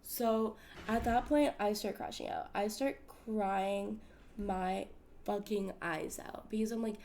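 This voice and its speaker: A woman's voice: medium pitch, slow pace, vocal fry, darkish tone. A woman from the States hosting a podcast, telling a personal story in a candid, emphatic way and swearing freely. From United States. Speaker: podcast host. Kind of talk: casual storytelling chat.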